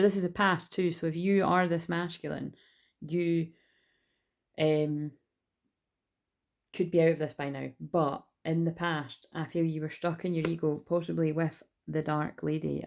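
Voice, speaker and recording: A woman talks through a spiritual card reading from her home. Her voice sits low, with a gravelly fry. She rambles casually and breaks into excited asides. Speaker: tarot reader. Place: at home indoors.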